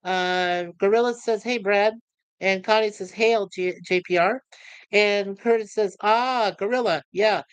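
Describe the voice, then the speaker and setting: A woman hosting a casual livestream, reading viewer comments aloud in a rambling, halting way. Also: mid-range voice, clean tone, dry recording. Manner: rambling, halting, many fillers and restarts. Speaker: livestream host.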